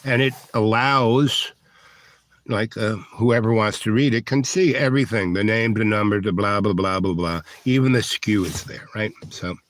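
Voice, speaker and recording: A man's voice: fairly low pitch, moderate pace, fairly bright tone, no echo. A man vlogging, telling a long rambling story to his viewers with many fillers and restarts, acting out other people's lines. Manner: acts out other people's lines in raised voices. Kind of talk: casual storytelling monologue to viewers.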